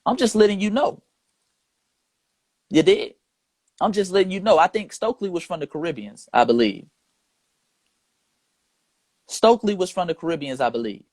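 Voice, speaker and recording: A man's voice: sits high, animated, moderate pace, long pauses, a little mellow, no echo. A man hosting a live stream, talking in an emphatic, repetitive and rhetorical way. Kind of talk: casual live stream talk.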